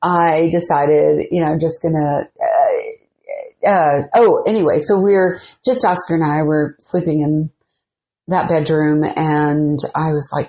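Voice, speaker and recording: A woman's voice: low voice, slow pace. A woman hosting a podcast, casually telling a ghost story and acting out the quoted dialogue. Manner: animated, acts out quoted dialogue. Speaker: podcast host.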